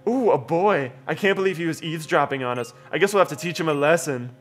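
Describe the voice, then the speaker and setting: A man's voice: on the high side, fast talker, soft background music, natural voice. Snippy girl gang grunts, as a man reads them out. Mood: taunting. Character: sassy young female street-gang grunts. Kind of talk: reading game dialogue aloud.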